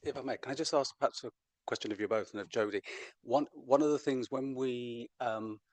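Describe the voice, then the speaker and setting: Male questioner, halting delivery, lowish voice, dry sound. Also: no echo. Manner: hesitant, halting with restarts. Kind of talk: panel question.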